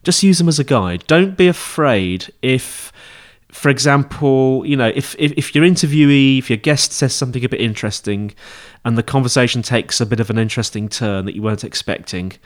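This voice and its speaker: A man's voice: mid-range voice, fairly quick, hardly any pauses. A man hosting a podcast, giving informal advice on interviewing in a rambling, chatty way with many fillers and restarts. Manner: chatty, rambling, with frequent fillers and self-corrections. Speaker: podcast host teaching interview skills. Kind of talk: casual instructional monologue.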